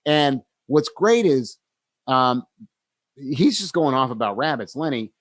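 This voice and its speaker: A man's voice: mid-range voice, lively intonation, slow, dry recording. A man co-hosting a podcast, retelling story scenes in a casual way and acting out the characters' lines. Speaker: podcast co-host.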